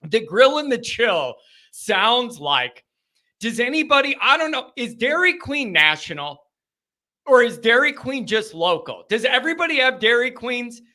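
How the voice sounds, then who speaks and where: Excitable loud-mouthed football show host. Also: male voice, extremely high pitch, a little slow. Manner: loud, rambling, excitable with yelling bursts. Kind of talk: live call-in chat.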